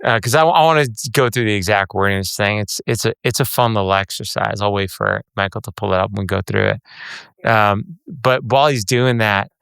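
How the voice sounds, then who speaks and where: A man's voice: fairly low pitch, a little fast, vocal fry, a bit bright, clear, resonant tone, no echo, studio quality. A middle-aged man hosting a casual interview podcast, conversational and wry. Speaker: podcast host.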